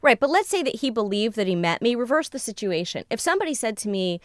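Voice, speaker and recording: A woman's voice: on the high side, fast, no echo, studio quality. A woman recounting a personal story in conversation, acting out the lines of the people in it. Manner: animated, re-enacts dialogue. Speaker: storyteller guest.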